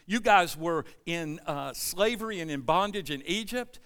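Animated preaching man, fairly high voice. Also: normal speed, clean tone, in a large hall. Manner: animated preaching, rising loud at emphasis, dropping soft. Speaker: pastor. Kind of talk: sermon.

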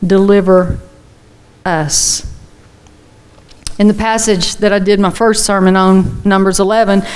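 A woman's voice: mid-range voice, flat delivery, brisk, clean tone. A woman preaching a chatty, folksy sermon full of personal asides. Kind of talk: conversational sermon.

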